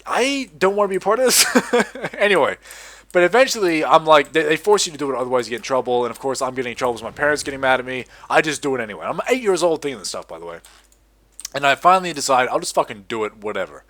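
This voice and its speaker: A man's voice: mid-range voice, rapid-fire. Young Australian male gamer, loose and sweary, rambling commentary with sudden yelps. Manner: rambling, sweary, animated outbursts. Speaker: gaming commentator. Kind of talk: casual gameplay commentary.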